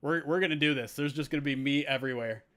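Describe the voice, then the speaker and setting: Man, bright forceful voice, mid pitch, casual live-stream banter, play-by-play, laughs easily. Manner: chatty, self-mocking, quick to laugh. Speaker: streamer hosting a game simulation.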